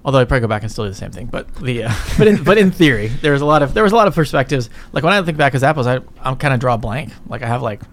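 Animated and very fast with hardly any pauses, a middle-aged entrepreneur in a mid-range voice rattles through an interview as a guest. His talk is casual and rambling, loaded with swearing and closing his points with "right?".

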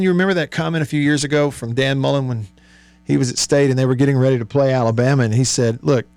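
Here a man with a mid-range, slightly mellow voice hosts a sports call-in show. He reads texts sent in by listeners and thinks aloud about them, chatty and full of fillers.

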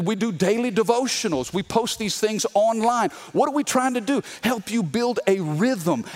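Man, pastor, energetic sermon, call-and-response, high pitch, very animated delivery.

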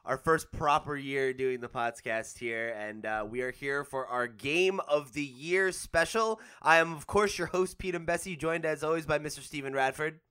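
Bright, clear-voiced male podcast host. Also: fairly high pitch, normal speed, few pauses. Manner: laughing, upbeat banter. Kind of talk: casual podcast chat.

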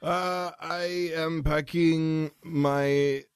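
A man playing a tabletop game, talking slowly and hesitantly with restarts. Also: on the high side, fairly even intonation, smooth.

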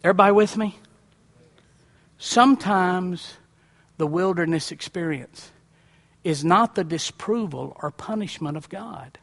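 A man's voice: sits high, a little slow, gravelly, long pauses, a bit bright. A male pastor preaching a sermon, repeating lines and asking the congregation questions, with a folksy, dramatic emphasis. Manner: preaching with rhetorical questions and repetition.

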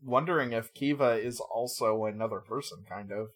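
A man co-hosts a podcast in relaxed conversation, animated and laughing often while he swears freely. His voice is mid-range and his pace moderate.

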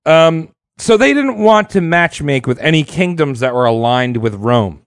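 A man's voice: on the high side, animated, normal speed, clean tone, dry recording, clean studio sound. A man hosting a podcast, telling history in a casual, irreverent, slangy way. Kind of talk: casual comedic storytelling.

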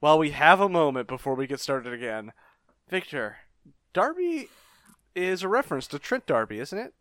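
Casual podcast guy, lively pitch, dry close sound, jokey. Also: moderate pace, no room sound. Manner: jokey, playful quoting of characters.

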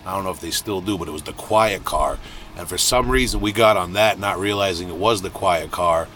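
A middle-aged man with a deep, booming voice, telling a rambling, self-deprecating story in a casual podcast monologue. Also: brisk, fairly bright tone, a little hiss or hum. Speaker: podcast host.

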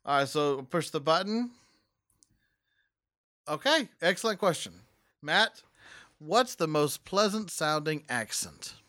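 A man's voice: fairly high pitch, lively intonation, slow, long pauses, bright, forceful tone, no room sound, studio quality. A man hosting a podcast in casual chat, eager and repeating himself as he explains. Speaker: podcast host.

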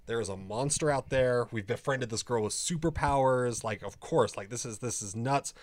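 A man's voice: medium pitch, moderate pace, no room sound. Swearing, rambling man in casual chat. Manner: enthusiastic, rambling, heavy swearing.

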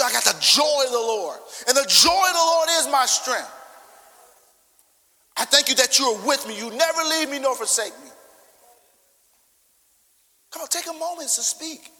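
High-voiced man preaching in echoing hall. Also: sharp tone. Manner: fervent, emphatic preaching with repeated declarations. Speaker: pastor. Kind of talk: sermon with congregational prayer. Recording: long echo of a large church hall.

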